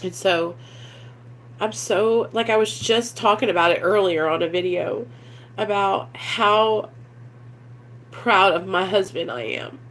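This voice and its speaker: A woman's voice: medium pitch, slow, long pauses, a bit bright, a little hiss or hum. A young woman, vlogging candidly in a rambling, earnest way that leans heavily on fillers. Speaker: recovery vlogger. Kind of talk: candid confessional vlog.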